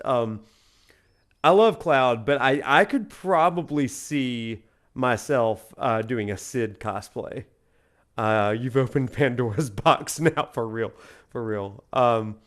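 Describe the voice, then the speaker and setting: A man's voice: medium pitch, fairly bright tone. A man from Alabama, a professor streaming a video game, chatting casually and rambling with lots of fillers as he answers viewers. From Alabama, USA. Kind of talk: casual live-stream chat.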